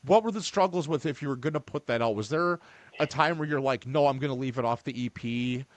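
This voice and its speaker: A podcast host speaks fairly quickly in a mid-range voice during a casual interview chat. He's earnest but rambling, restarting his sentences many times.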